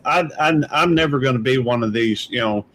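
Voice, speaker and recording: A man's voice: mid-range voice, fairly quick, fairly bright tone, slight background noise, rough recording. A man hosting a casual live-stream panel chat, rambling and hesitant with many fillers and restarts. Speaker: channel host.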